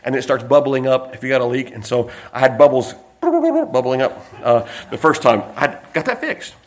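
A man preaching a sermon, slowing down to stress key phrases and dropping in folksy personal stories. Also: medium pitch, animated. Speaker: pastor.

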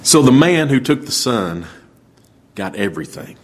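A man's voice: medium pitch, sing-song, normal speed. A man preaching, telling a story in a plain, folksy way. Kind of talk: sermon storytelling.

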